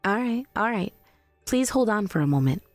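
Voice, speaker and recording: Woman as a sarcastic young wife, cool and cutting, lively pitch. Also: normal speed, dry recording, soft background music, natural voice. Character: cold, blunt young wife confronting her mother-in-law. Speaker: daughter-in-law.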